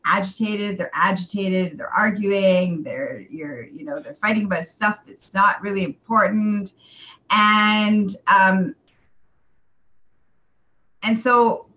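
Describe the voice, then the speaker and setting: Woman, relationship coach, casual animated talk, chatty fillers, mid-pitched voice. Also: poor audio. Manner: animated and conversational, with many fillers. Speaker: sexual wellness coach. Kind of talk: casual explanatory monologue.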